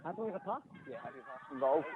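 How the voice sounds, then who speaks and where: A man's voice: a little high, lively intonation, very fast, narrow, tinny audio. A man refereeing a rugby league match from the field, giving short clipped commands through a body mic outdoors. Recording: loud outdoor noise over body mic.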